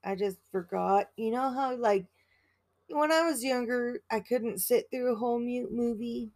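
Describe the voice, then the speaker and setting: A woman's voice: fairly high pitch, unhurried, darkish tone, no echo. A woman in her thirties co-hosting a podcast, laid-back and giggly in casual chat. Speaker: podcast co-host.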